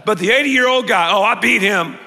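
A male pastor delivering a sermon in a big church auditorium, his bright, high voice carrying a long reverb from the room. He tells stories animatedly and acts out his own inner thoughts. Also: fairly quick. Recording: long reverb of a large hall.

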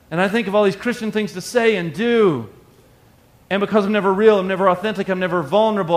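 A man's voice: high voice, fairly bright tone. A man preaching a conversational sermon and acting out the voices of everyday people. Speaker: pastor.

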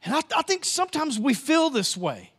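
A man preaching a sermon as pastor, emphatic and repetitive, swinging between loud passages and hushed ones. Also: very high voice, wildly swooping pitch, normal speed.

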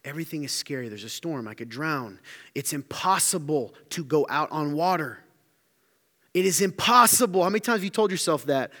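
A male pastor delivering a sermon in a large hall, his voice carrying a long reverb. He tells stories animatedly and slips into character for quoted lines. His voice sits a little higher than most men's. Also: fairly quick. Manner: animated storytelling, acts out quotes.

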